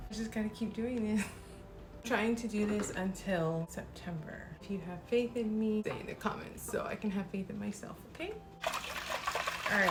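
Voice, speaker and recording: A woman's voice: medium pitch, background noise. A woman in her thirties, a mother of four, chatting casually and upbeat straight to camera while tired. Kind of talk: casual vlog chat. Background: music.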